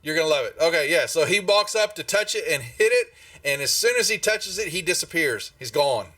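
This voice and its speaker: A man narrating as game master in a tabletop game, speaking in a halting way with many restarts. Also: a little high, expressive, pushed and bright, no room sound, distant mic.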